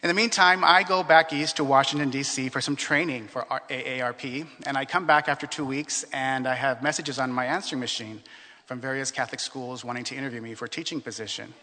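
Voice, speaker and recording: A man from California telling his life story in a reflective, earnest way, with many fillers and pauses. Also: medium pitch, steady tone, sharp tone, long reverb tail. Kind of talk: personal storytelling.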